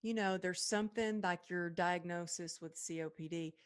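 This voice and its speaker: A woman's voice: lowish voice, steady tone, normal speed, clear, resonant tone. A woman hosting a podcast interview, gushing with praise for her guest and laughing easily in casual chat. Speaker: podcast host.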